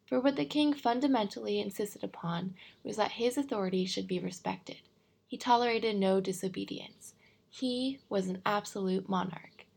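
Woman audiobook narrator, measured storytelling read, gravelly and husky, mid pitch. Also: darkish tone. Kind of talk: audiobook reading.

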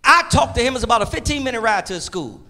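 A man's voice: very high-pitched, lively intonation, quick pace, pushed and bright. A middle-aged man preaching a sermon in an emphatic, folksy way, repeating his key phrases.

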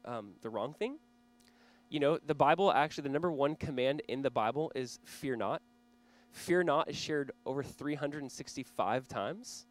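A man in his thirties preaching a sermon as pastor, conversational and earnest, with small laughs and restarts. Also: medium pitch.

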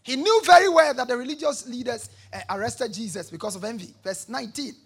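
A man preaches a sermon in a very high, gravelly voice with a husky edge. He reads scripture aloud, calls on the congregation to repeat after him, and rises to shouts at the peaks. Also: fairly quick. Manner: call-and-response, shouting at peaks.

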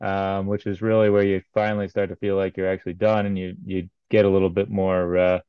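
A man's voice: sits low, little pitch movement, a little fast, smooth, dry recording, highs cut off. A man recounting a race in casual podcast chat, rambling with many ums and uhs.

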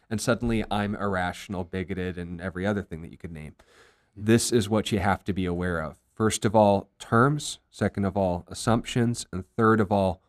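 A man hosting a faith discussion show as pastor, explaining his points in an earnest, brisk way. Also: lowish voice, no room sound, studio quality. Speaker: pastor and host.

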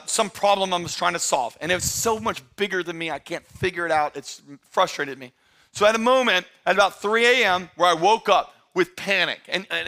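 A man preaching a sermon as pastor, talking straight to his church in a conversational way and often rising to emphatic, shouted excitement. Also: high-pitched. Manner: conversational, addresses the congregation directly.

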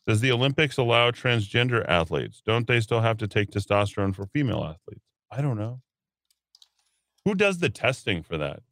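Sarcastic male talk radio host, bright tone. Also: on the low side, expressive, moderate pace, no room sound. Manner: reads headlines then adds sarcastic asides. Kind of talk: casual talk radio, reading news.

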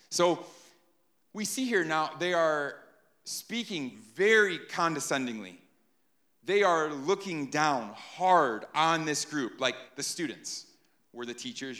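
Bright-voiced animated preacher man. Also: fairly high pitch. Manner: conversational, asks "right?" often, animated. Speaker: pastor. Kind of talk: sermon.

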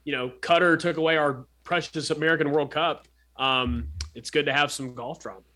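A man's voice: on the high side, steady tone, moderate pace, pushed and bright. A man co-hosting a casual sports podcast, joking and rambling with many fillers and restarts.

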